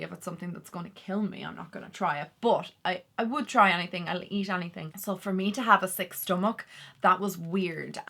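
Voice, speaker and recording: Bright-voiced woman vlogging. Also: medium pitch, vocal fry. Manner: chatty and candid, many "like" fillers. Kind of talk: casual talk to camera.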